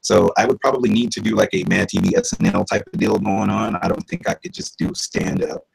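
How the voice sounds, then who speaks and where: A man's voice: on the low side, brisk, creaky, husky, poor audio. A man who works as a voice-over artist and actor, talking casually in an interview about his characters. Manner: animated, slips into character voices.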